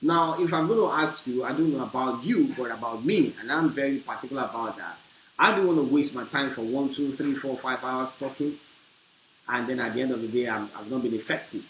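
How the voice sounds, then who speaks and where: A man preaching a teaching on marriage, with an emphatic delivery that swells into loud bursts. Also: medium pitch, fairly quick. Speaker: pastor. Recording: echoey room with faint hiss.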